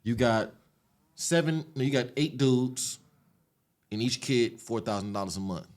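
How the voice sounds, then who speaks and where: A man from the Los Angeles area, a podcast guest retelling his past in an animated, streetwise, profane way. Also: medium pitch, unhurried. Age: adult, after an 18-year sentence. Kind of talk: casual storytelling interview.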